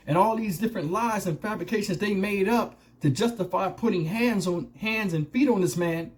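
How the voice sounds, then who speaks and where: A man's voice: high voice, a little fast, hardly any pauses. A man hosting his own channel, delivering a rambling, emphatic opinion monologue full of rhetorical questions and profanity. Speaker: commentary channel host.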